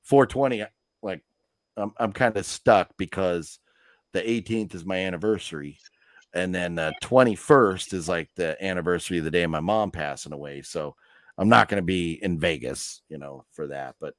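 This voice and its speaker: A man's voice: low-pitched, normal speed, no room sound, clean studio sound. A man hosting a live movie news stream, telling stories in a rambling, chatty way with lots of fillers. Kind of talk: casual chat.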